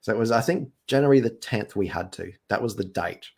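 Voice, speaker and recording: A man, telling his business story in a casual, animated way and acting out what others said. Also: on the low side, a little fast, vocal fry, husky. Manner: animated, acts out quoted voices. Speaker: business owner guest.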